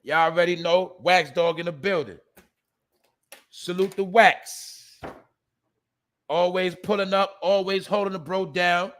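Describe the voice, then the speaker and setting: A man hosting a casual live stream, talking loosely in street slang and shouting out viewers in the chat. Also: sits high, fairly even intonation, unhurried, pauses often.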